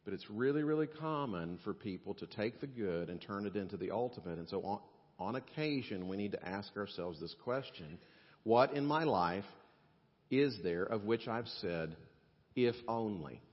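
Guy preaching a sermon, lively, acts out quotes, kinda muffled church hall sound. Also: lowish voice, normal speed. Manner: animated, acts out voices of people he quotes. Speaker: pastor. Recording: dull sound with long hall reverb.

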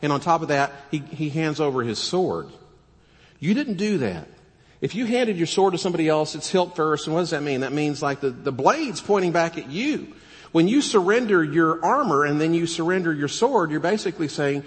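A man preaching a sermon, animated and full of rhetorical questions, now and then acting out quoted voices. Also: on the high side, brisk. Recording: long hall reverb.

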